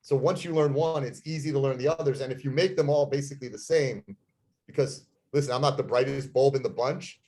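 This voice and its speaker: A man's voice: mid-range voice, fast talker, darkish tone. A man speaking as a guest real estate agent, giving an intense, emphatic motivational talk on sales scripts. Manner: intense, emphatic, plain-spoken.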